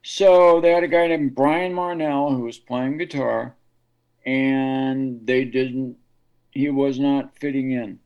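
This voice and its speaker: Gravelly-voiced man telling road stories. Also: mid-range voice, takes it slowly, muffled recording. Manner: animated storyteller, acts out quoted voices. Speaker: guest guitarist. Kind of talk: casual storytelling interview.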